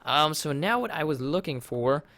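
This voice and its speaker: A young man casually commenting on his game during a livestream, rambling and easily flustered, and often breaking into loud, panicked yelling. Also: fairly high pitch, lively intonation, normal speed, slight background noise. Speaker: livestreamer playing a modded block game.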